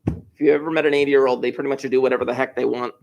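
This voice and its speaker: A middle-aged man from New Jersey, a high school math teacher giving a classroom lecture full of chatty, enthusiastic asides. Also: level tone, rapid-fire, gravelly, a little mellow, muffled recording.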